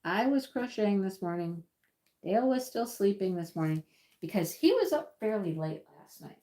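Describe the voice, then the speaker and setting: A woman's voice: medium pitch, lively intonation, moderate pace, warm tone. A woman hosting a casual livestream from her crafting table at home, chatting in a rambling way and often repeating her words. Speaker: livestream host. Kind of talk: casual live-stream chat while crafting.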